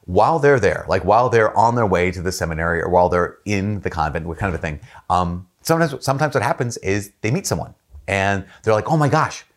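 Low-voiced priest guy talking fast, casual story mode, lots of like and um. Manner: storytelling, jumps up in pitch to act out quoted people; relaxed, chatty, with frequent fillers and restarts. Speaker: Catholic priest. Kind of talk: casual faith talk to camera.

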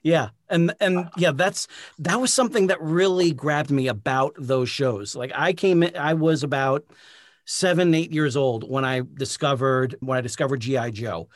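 A man's voice: a little high, normal speed, no echo, studio quality. A man in his forties hosting an interview, eager and affirming, talking loosely with many fillers. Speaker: interview host. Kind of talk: casual interview chat.

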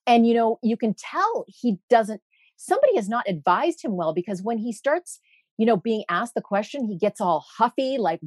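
Indignant woman, high and dry. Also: big pitch swings, moderate pace, a little mellow, no echo. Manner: indignant, emphatic. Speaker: guest, meteorologist. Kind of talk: impassioned interview talk.

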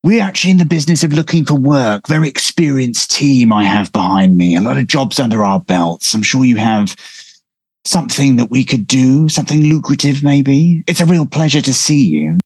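A man voicing a smooth-talking, sycophantic male rogue who fawns over people. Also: lowish voice, sing-song, measured pace, few pauses, dry recording, exaggerated voice. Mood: fawning. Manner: ingratiating, fawning.

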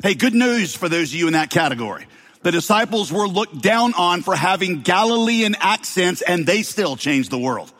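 Sermon voice with a slight Southern accent. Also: male voice, sits high, lively intonation, normal speed, a bit bright. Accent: slight Southern American. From American South. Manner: joking asides to the congregation. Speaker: pastor. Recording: long hall reverb.

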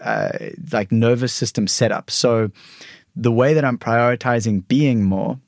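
A man's voice: mid-range voice, steady tone, unhurried, darkish tone, no room sound. Thoughtful male podcast host, dry sound. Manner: thoughtful, searching, often restarts phrases. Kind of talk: reflective conversational storytelling.

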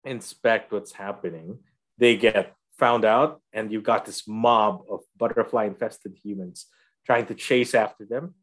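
A man casually recapping a TV episode for his co-hosts, retelling scenes and acting out the characters' lines with frequent laughs. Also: lowish voice. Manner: animated storyteller, acts out quotes, laughs often. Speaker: podcast host recapping a TV episode. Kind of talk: casual chat.

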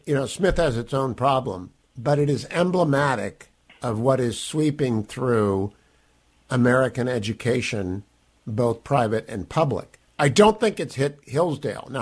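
Brisk male radio talk show host. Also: mid-range voice, lively intonation. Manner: brisk announcer delivery. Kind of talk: radio show hosting and interviewing.

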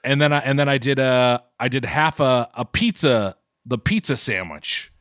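A man's voice: mid-range voice, animated, moderate pace, a bit bright, no echo, clean studio sound. A man co-hosting a casual podcast, telling rambling stories with restarts. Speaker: podcast co-host. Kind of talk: casual food podcast chat.

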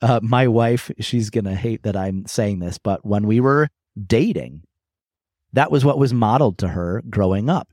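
Low, mellow-voiced man telling candid stories. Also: no room sound, clean studio sound. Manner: reflective, candid storytelling with frequent restarts. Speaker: podcast co-host. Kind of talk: casual conversational podcast chat.

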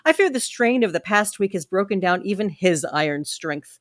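A woman's voice: medium pitch, lively intonation, moderate pace. A woman reading a novel aloud on a podcast and breaking off for wry, joking asides.

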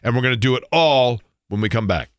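A man, hosting a sports radio show and telling stories in a casual, animated way. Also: medium pitch, fast, a little hiss or hum. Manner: storytelling, animated in quoted bits.

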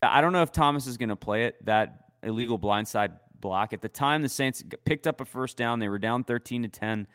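A man's voice: mid-range voice, a little fast, hardly any pauses, fairly bright tone, clear, resonant tone. A man co-hosting a sports talk show, explaining his opinions at length. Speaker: podcast co-host. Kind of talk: casual sports chat.

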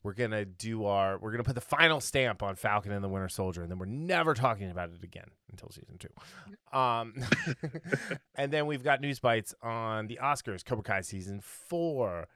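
A tired man hosts a casual podcast in a fairly low voice. He rambles through his intro, trips over his words and laughs as he goes, recorded close and dry with no room sound. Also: lively intonation, normal speed, pushed and bright, dry recording. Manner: rambling, laughs often, self-correcting. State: tired after a long day. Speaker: podcast host.

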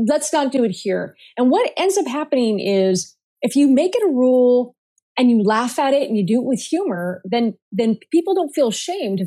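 Lively, laughing woman podcast guest. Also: fairly high pitch. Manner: animated, laughs often, playful wordplay. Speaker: guest, marketing speaker and author. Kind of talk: casual podcast interview.

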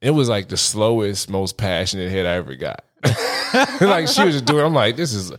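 A man's voice: on the low side, sing-song, moderate pace. A man in his thirties, a podcast guest, telling a story in casual chat, acting out his own reactions and laughing often. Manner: laughs often while talking.

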